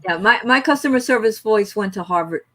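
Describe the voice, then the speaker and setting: A woman chatting casually, telling an animated story and mimicking her phone voice. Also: mid-range voice, brisk. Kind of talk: casual chat.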